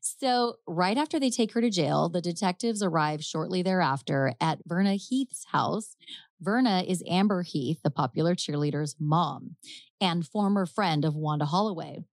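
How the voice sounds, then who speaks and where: Brief: podcast host, woman, lowish voice, chatty true-crime storyteller, dry close sound. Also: animated, moderate pace, no echo. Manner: chatty, laughs often, acts out quotes. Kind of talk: casual storytelling chat.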